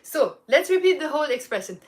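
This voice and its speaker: A woman with a Lebanese accent giving a casual language lesson, chatty, repeating phrases slowly and checking in with "okay?" often. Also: high voice, big pitch swings, darkish tone. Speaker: Arabic teacher.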